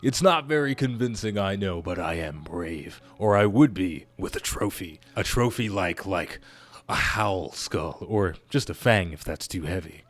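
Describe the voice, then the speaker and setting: A man's voice: deep voice, animated, measured pace, soft background music. A man voicing a small, boastful male cat-like creature from a video game who brags about his courage. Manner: boastful, self-important.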